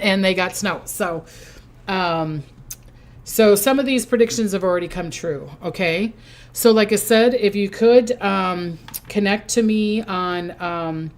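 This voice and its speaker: Older woman, Minnesota accent, lowish voice, rambling and chatty as a psychic hosting a casual livestream. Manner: chatty and rambling, reading out viewer comments. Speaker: psychic host.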